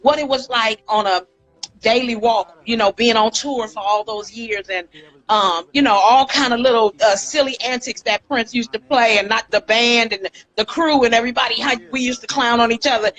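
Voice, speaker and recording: A woman in her fifties from Inglewood, California, telling stories from her career as a hairstylist in a casual interview. She talks in an animated, chatty way, acting out quotes and calling her listener "girl". Her voice sits on the higher side. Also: moderate pace, rough recording. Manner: animated, acts out quotes, says "girl" often. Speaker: celebrity hairstylist and guest.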